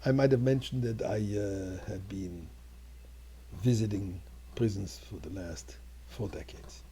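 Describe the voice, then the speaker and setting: A man's voice: lowish voice, unhurried, mellow, a little hiss or hum. An older man, a rabbi, telling a story in an earnest sermon that rises to fervent exclamations. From Montreal.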